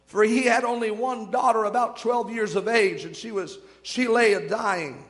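High-voiced preacher in echoing church. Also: male voice, fairly even intonation, fairly bright tone. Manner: fervent, slows to drawn-out emphasis on scripture. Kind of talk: sermon.

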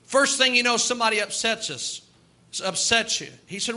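A man's voice: sits high, animated, moderate pace, bright, forceful tone. A middle-aged man, preaching a sermon in an emphatic, rising and falling cadence.

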